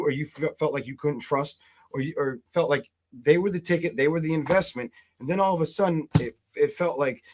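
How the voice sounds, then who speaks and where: A man's voice: fairly high pitch, a little hiss or hum. A man giving a tarot reading for a zodiac sign, talking bluntly and swearing a lot as he gets worked up. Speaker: tarot reader.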